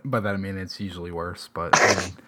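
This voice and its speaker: Low-voiced man reading on a podcast. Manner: relaxed, halting with fillers. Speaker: podcast host. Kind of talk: casual chat and reading aloud.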